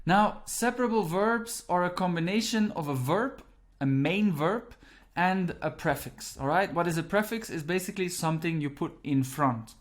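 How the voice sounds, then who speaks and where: A man's voice: high-pitched, moderate pace. A man who teaches a grammar lesson in English. He explains step by step and repeats the key points. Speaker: Dutch language teacher. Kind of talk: online language lesson.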